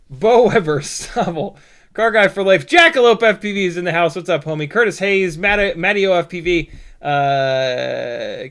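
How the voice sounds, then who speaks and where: A man's voice: on the high side, fairly bright tone. A man hosting a casual live stream, rambling and jokey, swearing freely and stumbling over his words.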